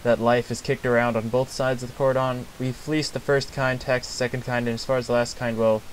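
A man voicing a swaggering male bandit boss in a game, with a low tough-guy drawl full of slang. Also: little pitch movement, fairly quick, slight background noise, lightly acted, low-quality recording. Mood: menacing.

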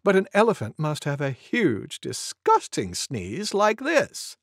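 A prissy, dramatic storybook deer, voiced by a man, speaks with a raised, haughty lilt. She draws out her words slowly and grandly. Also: fairly high pitch, huge pitch swings, no room sound, clean studio sound, full character voice. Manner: haughty, then wildly exaggerated sneezing.

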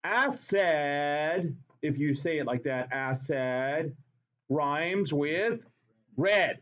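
A man's voice: on the high side, expressive, slow pace, fairly bright tone. A man teaching a chemistry class in a classroom, talking playfully and repeating words for emphasis. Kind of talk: classroom lecture.

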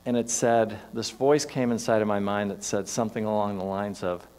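A man's voice: lowish voice, steady tone, moderate pace, a little mellow, smooth. A man giving a sermon in a church, telling a personal story in a conversational way with shifting emphasis. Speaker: minister. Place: church sanctuary.

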